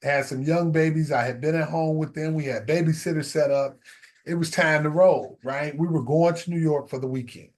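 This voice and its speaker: A man's voice: on the high side, fairly even intonation, normal speed, a little mellow. Reflective middle-aged man telling a story. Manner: reflective, repeats key phrases for emphasis. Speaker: storyteller giving a life lesson. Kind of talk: casual personal storytelling.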